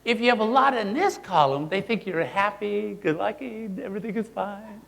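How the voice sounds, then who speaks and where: A man presenting a live workshop, playful and animated, quizzing the audience as he teaches. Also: sits high, normal speed, gravelly, big-room sound. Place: seminar room with an audience.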